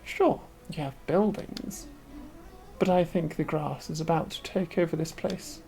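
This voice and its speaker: A woman voicing a chatty female hiking expert from a game in a deliberately bad, exaggerated French accent, drawing out her words slowly. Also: low-pitched, gravelly, warm tone. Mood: friendly pitch. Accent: put-on French. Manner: slow, drawn-out delivery.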